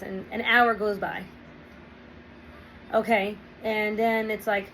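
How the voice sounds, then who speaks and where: A woman's voice: medium pitch, little pitch movement, measured pace, a bit bright, slight background noise, low-quality recording. A woman talking through relationship advice in a casual monologue, often checking in with "right?" and "okay".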